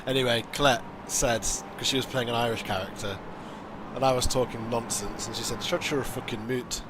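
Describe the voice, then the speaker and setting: A man's voice: mid-range voice, steady tone, fairly quick, background noise. A man joking and telling stories with his sim racing teammates in casual voice chat, laughing often.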